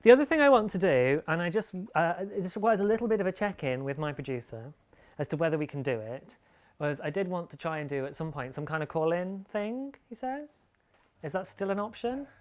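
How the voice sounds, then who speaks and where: A man's voice: fairly high pitch, lively intonation, a little fast. A man talks through a live podcast in a loose, easygoing way. He rambles, drifts between thoughts and keeps things light with self-mocking asides. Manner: chatty, rambling, laughs at himself. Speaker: podcast host. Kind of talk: casual live-show chat about knitting.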